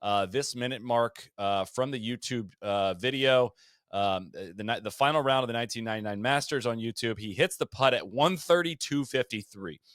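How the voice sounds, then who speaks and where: A man co-hosting a podcast, telling golf history in a loose, animated way, full of fillers and restarts. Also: medium pitch, normal speed, no room sound, clean studio sound. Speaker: podcast co-host. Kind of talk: casual golf history chat.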